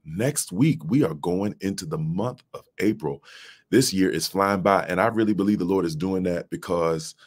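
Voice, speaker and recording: A man's voice: deep voice, normal speed. A man in his late thirties, a pastor giving a livestreamed devotional talk from an office into a phone, speaking in a preacher's cadence and calling out to his audience. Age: late 30s. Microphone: mobile phone.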